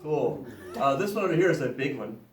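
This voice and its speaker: A man runs a science demonstration for a class, walking through every step aloud in a playful, joking way. His voice sits at an ordinary middle pitch. The room rings with echo, and a faint hiss runs underneath. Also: lively intonation, fairly quick. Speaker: science teacher. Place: classroom with students.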